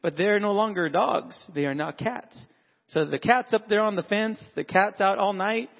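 Guy with a high voice preaching to dads, chatty, acts out little scenes, muffled big hall echo. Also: moderate pace. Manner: conversational, acts out dialogue with animated voices. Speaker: father speaking to a church fathers' group. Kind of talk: sermon-style talk.

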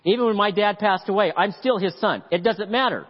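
A man preaching a sermon as pastor, animated and acting out voices in the story. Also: high-pitched, a little fast. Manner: animated preaching, acts out the father's voice. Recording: dull lo-fi audio with long hall reverb.

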